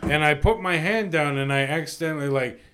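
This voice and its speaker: A man co-hosting a casual comedy podcast, telling a crude story with lots of swearing and animated bursts. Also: fairly high pitch, a little fast, clean tone. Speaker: podcast co-host.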